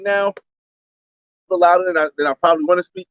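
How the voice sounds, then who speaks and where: A man's voice: high-pitched, steady tone, quick pace, no echo. Give me a young man chatting slangy on a phone live stream, dry close sound. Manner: loose slangy talk, shout-outs to viewers. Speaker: live-streaming travel vlogger. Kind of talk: casual live-stream chat. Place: outdoors on a beach by a boat landing. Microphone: phone camera held by hand. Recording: slightly dull lo-fi phone audio.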